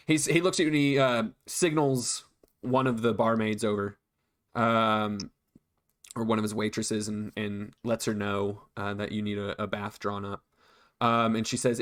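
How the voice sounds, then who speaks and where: A man's voice: fairly low pitch, fairly even intonation, moderate pace. Hesitant male game master. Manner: hesitant, many fillers and restarts. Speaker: dungeon master. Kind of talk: narrating a tabletop game.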